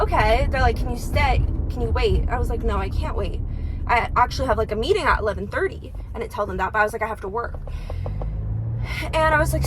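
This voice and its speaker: A young woman in her twenties chats into her phone for a vlog, her voice sitting a little high. She rambles and acts out little quoted exchanges, packing every sentence with "like". Plenty of background noise comes through around her. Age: 20s. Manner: chatty, lots of "like", acts out quotes. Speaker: vlogger. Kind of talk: casual vlog chat.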